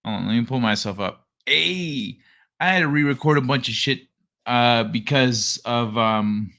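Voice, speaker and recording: Young male streamer, bright tone, casual and profane, rambling late-night chat. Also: mid-range voice, measured pace, creaky. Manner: rambling, profane, laid-back. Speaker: live stream host. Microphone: desk microphone he adjusts.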